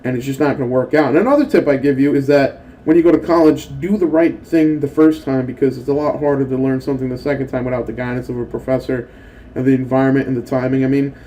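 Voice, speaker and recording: This young adult gaming host talks quickly in a medium-pitched voice, caught on a low-quality recording. Between moves he rambles and curses through his stories, throwing in excitable acted-out quotes.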